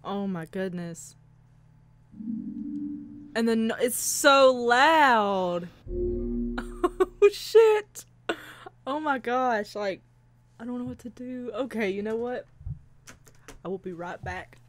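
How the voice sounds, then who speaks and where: A woman's voice: a little high, slow pace, pauses often. A young woman playing a horror game on her channel, talking casually, jittery and frightened, laughing nervously between lines. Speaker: let's play gamer.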